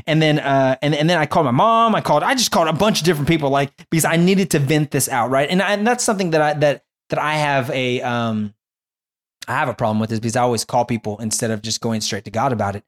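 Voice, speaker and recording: A young man telling a personal faith story in casual chat, animated and rambling with many restarts. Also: mid-range voice, fast.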